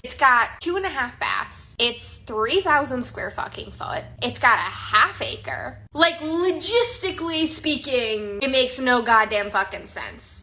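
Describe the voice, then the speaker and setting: A woman's voice: a little high, bright, forceful tone. A woman vlogger venting to camera, exasperated and swearing, repeating herself.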